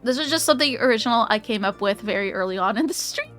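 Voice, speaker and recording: A woman's voice: on the high side, expressive, fast, a bit bright, faint music behind. A young woman streaming a game, chatting casually in a rambling, profane, giggly way. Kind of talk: casual livestream gaming chat.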